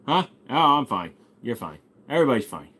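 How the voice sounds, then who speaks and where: Sing-song and a little fast, this young streamer has a mid-range, slightly bright voice with a breathy edge. Talking to chat on a relaxed stream, he reads out comments and fires back crude, swear-filled jokes.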